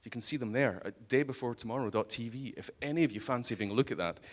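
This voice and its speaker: A man's voice: mid-range voice, fast. A man with a Scottish accent giving a humorous conference talk, joking and teasing the audience bluntly. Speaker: conference speaker. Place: conference hall stage.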